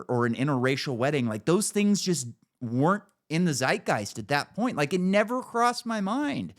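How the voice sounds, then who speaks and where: Crude, mocking middle-aged male podcast host. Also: high voice. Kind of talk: casual chat.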